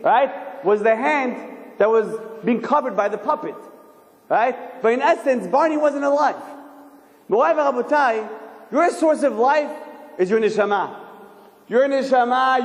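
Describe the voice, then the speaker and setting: A man giving a sermon as a rabbi, animated and firing rhetorical questions at his listeners. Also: extremely high pitch. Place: synagogue hall. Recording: echoey hall, long reverb.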